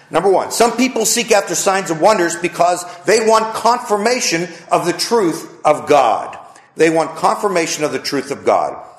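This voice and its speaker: A male pastor preaching a sermon to his congregation, emphatic and full of rhetorical questions. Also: on the high side. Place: church sanctuary with congregation. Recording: echoey church sanctuary.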